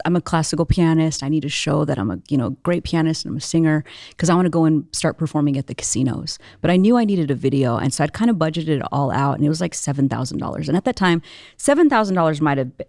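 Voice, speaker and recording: A woman guest in an interview, telling a personal story in an animated, expressive way, full of casual "like"s. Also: deep voice, fast talker, no room sound, clean studio sound. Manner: animated, expressive, many filler "like"s.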